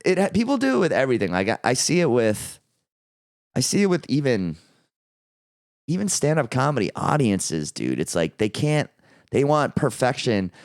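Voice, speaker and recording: A man hosting a podcast who tells stand-up stories in a rambling, animated way and swears freely. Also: mid-range voice, normal speed, no room sound, studio quality. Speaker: podcast host and stand-up comic. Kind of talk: casual chat.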